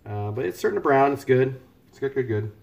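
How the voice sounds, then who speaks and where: A man's voice: medium pitch, expressive, brisk, gravelly, darkish tone. A man cooking live in his home kitchen on a headset mic, joking and rambling as he chats with viewers. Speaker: live-streaming home cook. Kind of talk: casual live-stream chat.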